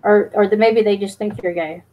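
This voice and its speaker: A woman's voice: mid-range voice, fairly even intonation, normal speed, highs cut off. A woman live streamer chatting casually, teasing and reading her chat aloud, with plenty of ums and restarts. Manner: fillers and restarts.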